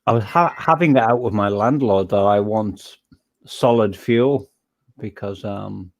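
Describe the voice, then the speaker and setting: A man's voice: fairly low pitch, measured pace. English guy rambling on a voice chat, keeps restarting his sentences. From England. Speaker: chat host. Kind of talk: casual online chat.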